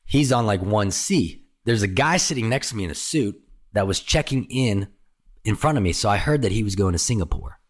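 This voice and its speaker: A man telling golf trip stories in casual chat, lively and swearing freely, often acting out the people he quotes. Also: lowish voice, a little fast. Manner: animated, jumps into quoted voices, swears freely.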